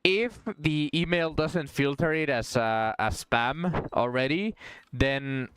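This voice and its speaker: A laid-back male streamer talks with his chat slowly and easily, often circling back to restart a thought. His voice is smooth and clear on a headset microphone. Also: on the high side, a bit bright, dry recording, rough recording. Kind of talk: casual chat.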